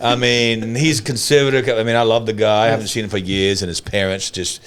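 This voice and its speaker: A man with an Australian accent hosting a podcast, telling anecdotes in a casual, animated way and laughing often. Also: lowish voice, fairly quick, smooth. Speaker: podcast host.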